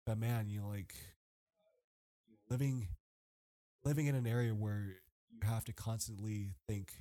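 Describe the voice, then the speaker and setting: Young male host, easygoing, tells lively stories with lots of "like" and "you know". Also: fairly low pitch, unhurried. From Canada. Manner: animated storyteller, laughs often, many fillers. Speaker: podcast host. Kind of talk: casual chat.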